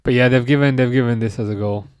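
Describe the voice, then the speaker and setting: A man in his thirties hosting a live stream, chatting casually and reading out viewer comments with halting restarts and dry jokes. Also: mid-range voice, fairly even intonation, smooth, no room sound. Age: 30s.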